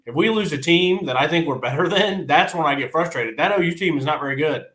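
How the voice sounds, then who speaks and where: A man's voice: on the high side, lively intonation, quick pace, a bit bright. Blunt, laughing man in a roomy space. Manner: blunt, frustrated, laughs often. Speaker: podcast co-host. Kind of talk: casual sports chat.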